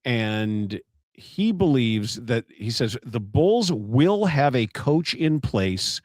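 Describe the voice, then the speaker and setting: Lively man co-hosting a sports podcast. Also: medium pitch, dry recording, clean studio sound. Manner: quick reactions, reads out news reports. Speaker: podcast co-host. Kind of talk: casual sports podcast chat.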